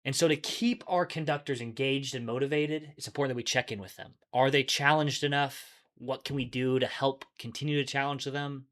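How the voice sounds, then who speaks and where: A man's voice: mid-range voice, steady tone, fairly quick, hardly any pauses, a bit bright. A man hosting a workplace podcast, explaining in an upbeat, conversational way and chuckling often. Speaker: podcast host. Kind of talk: casual explanatory podcast talk.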